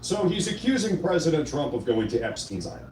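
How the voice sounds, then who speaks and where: A man hosts a casual commentary show, sarcastic and opinionated as he reacts to clips. His voice sits a little high. He is recorded from a distance in an echoey room with faint noise behind him. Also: sing-song, a little fast, darkish tone. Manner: sarcastic, opinionated, reads quotes aloud. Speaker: show host.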